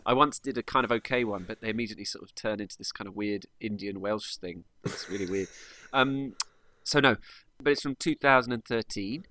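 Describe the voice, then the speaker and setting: A man's voice: lowish voice, a little fast, bright, forceful tone, no room sound. Chatty man, dry close sound. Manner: chatty, laughs often, restarts sentences. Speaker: podcast co-host. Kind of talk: casual film review chat.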